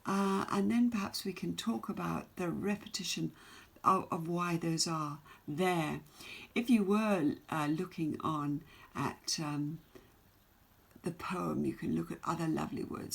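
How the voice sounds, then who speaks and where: A woman teacher giving a recorded poetry lesson, asking her students question after question in a measured way. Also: fairly low pitch, vocal fry, husky. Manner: slow, questioning, reads poem aloud with emphasis.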